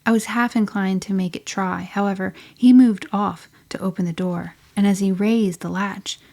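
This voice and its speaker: A woman voicing a spirited, headstrong teenage girl telling her story in an audiobook, often sinking to a breathy near-whisper. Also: medium pitch, steady tone, normal speed, darkish tone. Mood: telling a secret. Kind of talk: audiobook reading.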